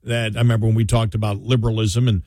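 A man's voice: fairly low pitch, level tone, rapid-fire, warm tone, dry recording. A middle-aged man co-hosting a talk radio show, rambling with many fillers and restarts. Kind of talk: casual talk radio banter. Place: radio studio.

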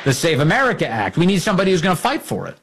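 A man's voice: on the high side, wildly swooping pitch, very fast, background noise. A man hosting political commentary, sarcastic and indignant, mocking the people he quotes. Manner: sarcastic, indignant, mocks quotes with put-on voices.

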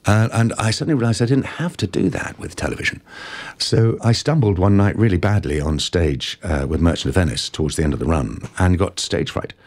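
A man, an actor being interviewed, telling stories about his career in an animated, expressive way. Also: deep voice, fairly quick. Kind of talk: conversational interview, storytelling.

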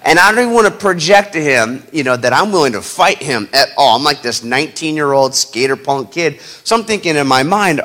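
A man recounts a personal story in the style of a motivational speaker. His voice sits a little high and has a bright, forceful edge. He tells it in an animated, dramatic way that keeps building the tension. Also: fairly quick, few pauses.

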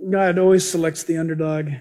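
A pastor preaching a sermon in an animated way, acting out the people he quotes. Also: a little high, a little fast. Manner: animated, acts out quoted voices.

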